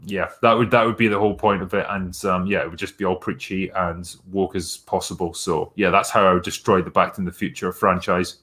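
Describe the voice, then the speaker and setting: A man's voice: low-pitched, fairly even intonation, fairly quick, few pauses, sharp tone. A man hosting a live stream, chatting casually through viewer messages in a blunt, sarcastic way with plenty of swearing.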